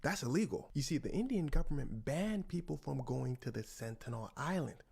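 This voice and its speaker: A man's voice: medium pitch, animated, normal speed, gravelly, a crowd in the background. A man telling a comedic story in a playful, slangy way, jumping into the characters' voices.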